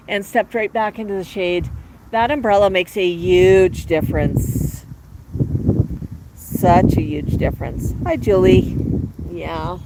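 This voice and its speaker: A woman hosting a casual phone livestream outdoors, chatting with viewers and coaxing her parrots in a playful sing-song. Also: mid-range voice. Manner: chatty, coaxing baby talk to her birds. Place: outdoor patio in the shade. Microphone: cell phone. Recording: outdoor phone audio with faint traffic.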